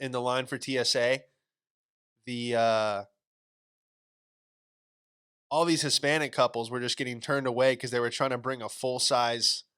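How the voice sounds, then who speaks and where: A man's voice: mid-range voice, a bit bright, clean tone. A young man hosting a podcast, telling a story in a rambling, laid-back way with plenty of fillers and slang. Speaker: podcast host. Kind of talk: casual comedic storytelling.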